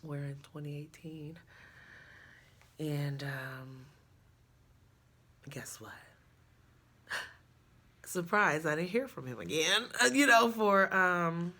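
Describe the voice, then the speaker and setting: A woman's voice: on the low side, animated, unhurried, pushed and bright. A young woman telling a personal story in a casual, frank, chatty way, laughing often. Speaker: storyteller vlogger.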